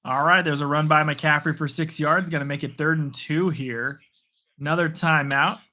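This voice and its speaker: Give me a chatty male host doing live play-by-play, bright and forward in tone. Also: on the high side, steady tone. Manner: casual, chatty, quick bursts of play calling.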